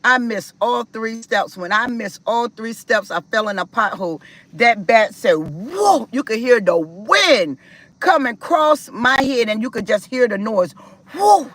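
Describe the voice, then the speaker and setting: In a rough recording, a South Carolina woman shares a personal testimony as a story, her voice fairly high. She's lively, imitating the people she quotes and laughing while she tells it.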